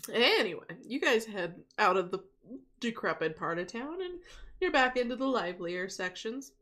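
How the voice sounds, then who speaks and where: A woman's voice: a little high, big pitch swings, moderate pace, a bit bright. A young woman running a tabletop game as game master, chatty and giggly, snacking as she talks. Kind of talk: casual narration of a tabletop game.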